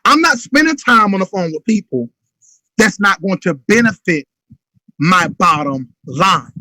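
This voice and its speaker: A man in his thirties gives a motivational business talk, pressing every point with urgency. His voice sits high and rings bright. The sound is dry and close. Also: expressive, measured pace, no echo, poor audio. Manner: urgent, emphatic, acts out phone calls. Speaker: motivational speaker.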